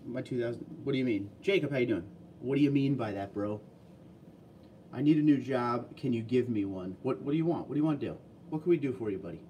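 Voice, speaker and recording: A man's voice: medium pitch, fast talker, recorded from a distance, dull audio, slight background noise. Laid-back man chatting on a livestream. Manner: relaxed, chatty, reads comments aloud and answers them. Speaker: livestream host reading viewer chat. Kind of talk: casual livestream chat.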